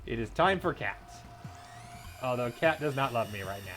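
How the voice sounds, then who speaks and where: A man at a desk mic gives live gameplay commentary as a streamer, with a voice of ordinary middle pitch. He chats easily with his viewers and breaks into loud, excited yelling during tense moments. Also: moderate pace, soft background music. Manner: chatty, talks to chat, bursts into loud excited yelling. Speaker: game streamer.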